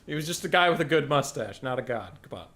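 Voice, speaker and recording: Bright-voiced laid-back male gamer. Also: medium pitch, animated, fast, husky. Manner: laid-back, joking, laughs often. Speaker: streamer. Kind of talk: casual gaming chat.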